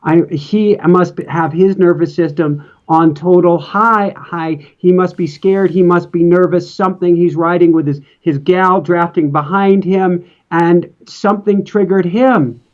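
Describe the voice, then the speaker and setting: A man's voice: high-pitched, fairly even intonation, unhurried, few pauses. A man hosting a podcast, talking in a reflective, rambling casual way with some laughter. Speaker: podcast host and interviewer. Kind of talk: casual chat. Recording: dull lo-fi sound.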